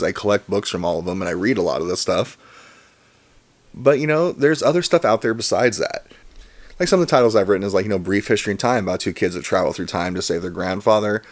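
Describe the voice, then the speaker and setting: A man's voice: sits low, quick pace, dry recording. A man in his thirties hosting a casual unboxing vlog, chatty and rambling, with an enthusiastic manner. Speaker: comic collector and channel host.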